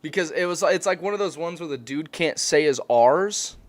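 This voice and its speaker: A young man telling a story on a stream in a casual, animated, profane way, laughing often. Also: fairly high pitch, normal speed.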